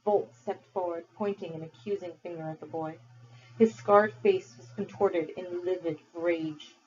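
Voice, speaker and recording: A woman teacher reading a novel aloud to her class, measured and expressive. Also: fairly low pitch. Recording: dull lo-fi recording.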